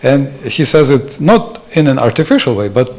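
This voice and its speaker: A man's voice: mid-range voice, big pitch swings, normal speed, darkish tone. A man giving an informal, anecdotal devotional talk at a temple, chuckling often as he speaks. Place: temple hall.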